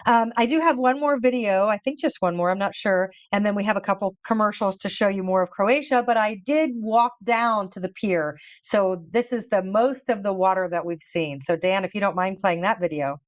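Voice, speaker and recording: A woman host telling a story in a casual, excited way, laughing often and repeating words as she goes. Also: medium pitch, normal speed, few pauses, no echo. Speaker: show host.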